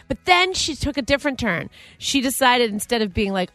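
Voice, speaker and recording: A woman co-hosting a radio show in casual banter, chatty and animated, laughing often and acting out quotes. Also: a little high, a little fast, few pauses, no room sound.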